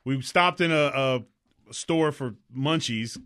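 A man co-hosting a talk show, telling rambling, animated anecdotes in casual chat. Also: medium pitch, slow. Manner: slips into mock voices.

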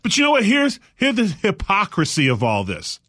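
A man's voice: sits high, huge pitch swings, moderate pace, a bit bright, dry recording, clean studio sound. A man hosting a comic talk show, sarcastic, riffing and slipping into mock voices. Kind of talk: comic panel banter.

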